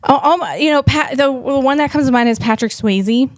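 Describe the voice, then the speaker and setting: A woman's voice: sits high, a little fast, no room sound, clean studio sound. A woman comedian hosting a tech show, riffing in a loose, rambling monologue full of playful asides. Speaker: comedian host.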